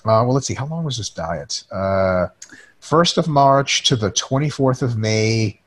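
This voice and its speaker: An unhurried, expressive man with a medium-pitched voice co-hosts a webinar podcast-style. Casual and profane, he cracks jokes and reads viewer questions out loud.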